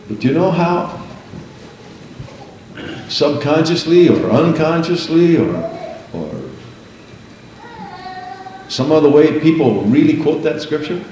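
An older man preaching in a very echoey church sanctuary, with a faint hum of room ambience behind him. He teaches slowly and deliberately, then lifts into chanted, drawn-out prayers and sung praises. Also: a little high, expressive, mellow. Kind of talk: sermon.

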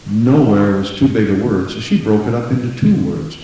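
A man's voice: moderate pace, hardly any pauses, dark tone. A man preaching a sermon, telling stories in an emphatic way and often repeating a short phrase of praise. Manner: emphatic, repeats "Praise the Lord", big pitch swings. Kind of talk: sermon with storytelling. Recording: very echoey room with faint hiss.

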